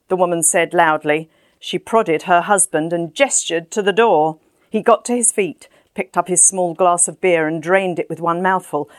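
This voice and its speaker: A woman narrating a first-person story in an even, measured way. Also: on the low side, dry recording, studio quality. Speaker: audiobook narrator.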